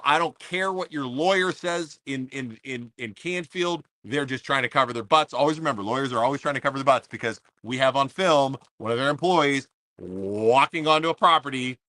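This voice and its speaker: A man's voice: medium pitch, bright, forceful tone, no room sound. Fired-up man ranting outdoors in rain. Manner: fired-up, repetitive, talks straight to viewers. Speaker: podcast host. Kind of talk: casual livestream rant. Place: outdoors in pouring rain under an umbrella.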